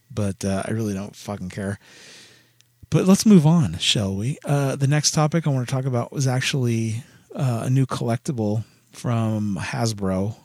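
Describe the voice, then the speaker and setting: A man's voice: on the low side, gravelly, a little mellow, no room sound, studio quality. A man talking casually and bluntly on his own, exasperated and swearing freely as he goes. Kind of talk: casual solo commentary.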